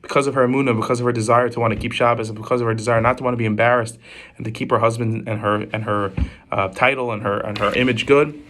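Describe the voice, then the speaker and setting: A man who is a rabbi, telling Torah stories to a class in a quick, animated way with frequent restarts. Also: mid-range voice. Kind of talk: storytelling Torah talk.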